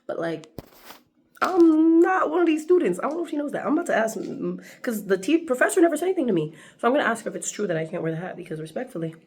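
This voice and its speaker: A woman in her twenties vlogging, telling stories to the camera in a lively, chatty way and acting out the dialogue. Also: fairly high pitch, racing. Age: 20s. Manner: animated, acts out dialogue, laughs often. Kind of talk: casual storytelling to camera.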